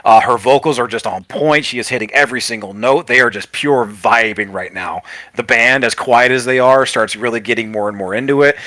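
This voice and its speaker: A man's voice: mid-range voice, brisk, bright, forceful tone, no echo. A man narrating as game master of a tabletop game, rambling with frequent fillers and restarts.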